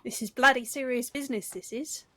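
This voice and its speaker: A woman's voice: high voice, a little fast, pushed and bright. A British woman in casual in-character roleplay chat, blunt and swearing freely. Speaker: roleplay player.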